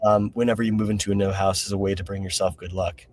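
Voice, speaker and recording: A man's voice: sits low, flat delivery, quick pace, distant mic, a little hiss or hum. A man who is the guest author, talking reflectively and a bit hesitantly in a casual interview. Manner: reflective, hesitant, with many fillers.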